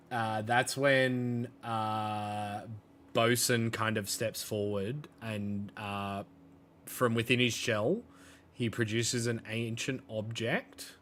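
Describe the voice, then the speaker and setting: A man runs a tabletop game, narrating the scene slowly with many pauses and fillers. His voice sounds bright and clear-edged. He takes his time over each description. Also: lowish voice, slight background noise. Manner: hesitant, many fillers and restarts. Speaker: game master.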